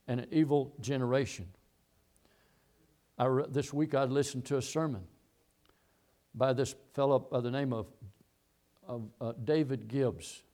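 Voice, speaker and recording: A man's voice: mid-range voice, a little mellow. A middle-aged man preaching a sermon, telling a long story and repeating key phrases as he goes. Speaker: pastor.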